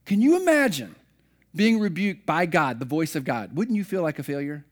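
Storytelling male preacher, slightly high voice. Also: lively intonation, fairly quick. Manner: conversational storytelling, self-deprecating. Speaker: pastor. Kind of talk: sermon.

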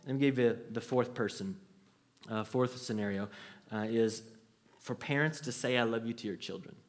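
A man's voice: medium pitch, moderate pace. A man in his thirties preaching a sermon to a congregation, earnest and conversational, with frequent restarts. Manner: earnest, storytelling with acted quotes, conversational restarts. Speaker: pastor.

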